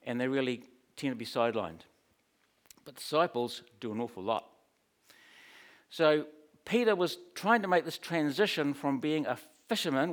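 A man preaching a sermon in a conversational, storytelling way, with humorous asides. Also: medium pitch.

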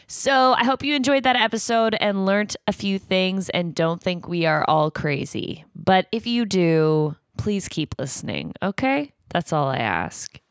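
A woman's voice: medium pitch, very animated, a little slow, hardly any pauses, clean tone, no echo, studio quality. A woman hosting a podcast with her father, talking casually and candidly, with the odd swear. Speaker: podcast host.

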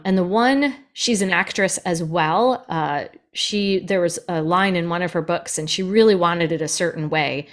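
A woman talks quickly and with energy, like a working audiobook narrator explaining her craft. Her voice sits a touch low for a woman. The conversation is relaxed and chatty. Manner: fast, lively and animated. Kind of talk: casual podcast conversation.

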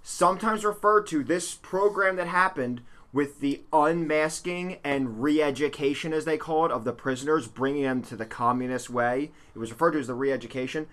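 A man co-hosting a casual podcast, telling a dark history story, swearing freely and laughing with his friends. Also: fairly high pitch, normal speed, few pauses. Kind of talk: casual profane podcast banter.

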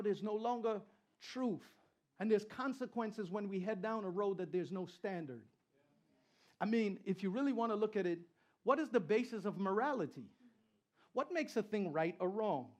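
A middle-aged man preaching a sermon as pastor, animated, repeating phrases and joking with the congregation. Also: high-pitched. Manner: animated preaching with repetition and crowd banter. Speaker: pastor and Christian rapper.

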